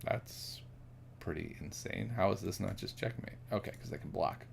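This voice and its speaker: A man's voice: sits low, moderate pace, gravelly, slight background noise. A man thinking aloud as he solves chess puzzles, musing and correcting himself, then chatting with viewers. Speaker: chess streamer.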